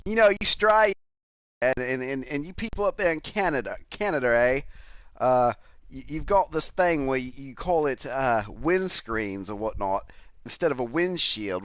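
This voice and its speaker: A man's voice: mid-range voice, no echo. A man streaming a racing game, chatting casually and telling rambling stories with lots of swearing and chuckles. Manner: rambling, profane, chuckling storyteller. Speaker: gaming streamer.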